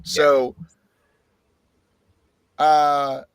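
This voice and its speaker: A man co-hosting a podcast, telling his race story in a casual, animated way and swearing often. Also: on the high side, extremely slow, clean tone, no echo. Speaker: podcast co-host.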